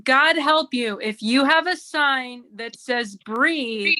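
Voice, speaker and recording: A woman's voice: sits high, slow, pushed and bright. A woman performing a wry, chatty stand-up set at an online open mic, full of "like"s. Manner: wry, chatty delivery with many "like"s. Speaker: stand-up comedian. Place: remote open mic over video stream.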